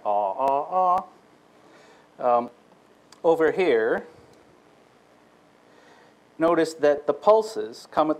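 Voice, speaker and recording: A man's voice: medium pitch, a little mellow, poor audio. A man lecturing on a technical subject, explaining step by step and demonstrating vowel sounds with his own voice. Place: lecture room.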